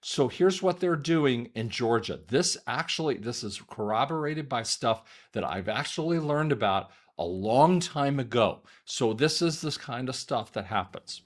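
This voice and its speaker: A man, an audiologist, giving a rambling monologue commentary to his viewers, often repeating words, restarting sentences and clearing his throat. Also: mid-range voice, lively intonation, unhurried, few pauses.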